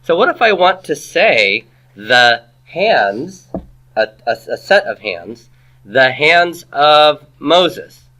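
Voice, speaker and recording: A man's voice: on the high side, very animated, takes it slowly, pushed and bright. A man giving a classroom grammar lecture, patient, asking the class questions and repeating their answers. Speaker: Hebrew grammar teacher.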